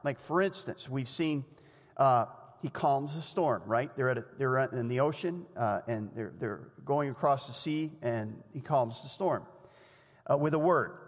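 A man preaching a sermon in a lively, conversational way, often laughing and acting out the quotes he tells. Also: mid-range voice, measured pace. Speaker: pastor. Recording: long hall reverb.

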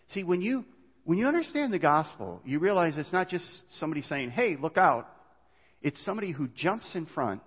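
A male pastor preaching a sermon in a lively way, often stumbling and restarting his words. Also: medium pitch, slightly rough. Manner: animated preaching with frequent stammered restarts. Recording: dull reverberant hall sound.

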